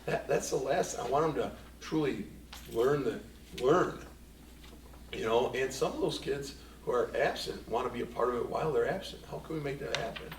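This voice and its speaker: A man's voice: mid-range voice, moderate pace, slight background noise. A man, a school superintendent, giving a rambling anecdotal report at a board meeting and quoting himself and a former student. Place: meeting room. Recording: echoey room, distant mic, faint ambience.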